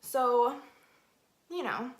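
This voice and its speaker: A young woman tells a long story in a casual, animated way, filling it with "like" as she does her makeup. Her voice sits a bit high. The room around her is echoey. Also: extremely slow. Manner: chatty, animated, lots of "like". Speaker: beauty vlogger.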